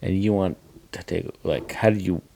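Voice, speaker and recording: A man in his thirties with a very low voice talks candidly on a podcast. He swears freely and acts out bits of remembered conversations. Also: steady tone, normal speed, creaky, mellow, dry recording. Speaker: podcast co-host. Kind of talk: casual chat.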